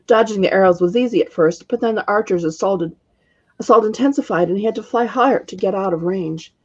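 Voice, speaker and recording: A woman author reading her own fantasy story aloud in a steady narrating voice. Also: medium pitch, a little fast, slightly rough, highs cut off.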